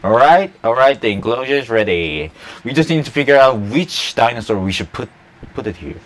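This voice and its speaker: A man giving casual let's play commentary on a park-building game, chatty and excitable, talking to the dinosaurs and laughing often. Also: medium pitch, normal speed. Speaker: gameplay YouTuber.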